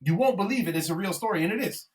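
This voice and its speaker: A young man co-hosting a podcast in casual, animated chat, swearing often and calling his friend "bro". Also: high voice, racing, far from the mic. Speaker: podcast co-host.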